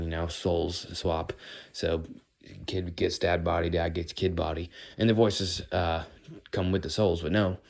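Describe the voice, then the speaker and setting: Deep-voiced rambling American man. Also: creaky. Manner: rambling, musing, does playful accent impressions. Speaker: vlogger. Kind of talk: casual walking monologue.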